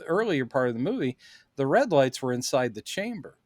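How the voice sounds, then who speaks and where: A man's voice: mid-range voice, very animated, brisk, no echo, clean studio sound. A man, a podcast co-host, chatting casually as he recaps a film and acts out the characters' lines in funny voices.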